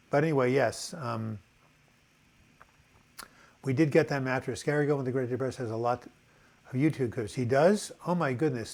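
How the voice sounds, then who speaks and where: An older man hosting a casual live video chat, reading out viewer comments in a loose, rambling way with many fillers. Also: medium pitch.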